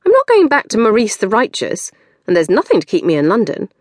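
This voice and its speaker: A woman's voice: mid-range voice, huge pitch swings, brisk, a little mellow, no room sound, clean studio sound, pitched above the performer's own voice. A woman voicing a petulant, dreamy young woman, self-centred and whiny, in a sing-song manner. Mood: cheerfully coaxing.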